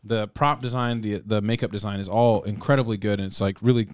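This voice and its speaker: A man's voice: lowish voice, steady tone, fast talker, clean tone, dry recording, studio quality. A man hosting a casual movie-review chat who laughs often, swears freely and rambles.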